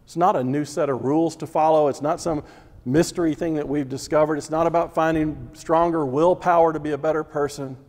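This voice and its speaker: A man's voice: a little high, fairly even intonation, a little fast, a little mellow. A man teaching a Bible class as a sermon, preaching emphatically with repeated phrases and rhetorical questions. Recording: long reverb of a large hall.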